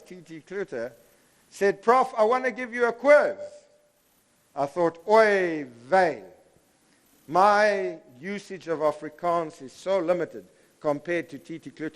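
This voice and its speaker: A man from South Africa, an astronomy professor giving a public lecture, emphatic and repeating key phrases to draw the audience in. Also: fairly high pitch. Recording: long hall reverb.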